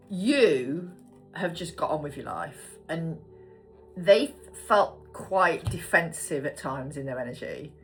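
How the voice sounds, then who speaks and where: Woman, low voice, chatty tarot reader, casual swearing, faint music behind. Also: fairly bright tone. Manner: chatty, swears casually, murmurs card names. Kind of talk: casual tarot card reading.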